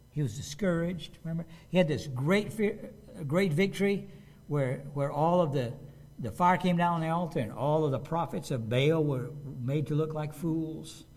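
A man preaching a sermon as a pastor, in a conversational, animated way, often acting out quotes. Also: fairly high pitch.

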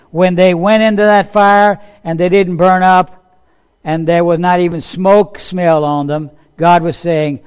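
In a high-pitched, clean voice with a steady tone and measured pace, a man delivers a sermon. He speaks to his listeners conversationally, acting out quotes and asking them questions.

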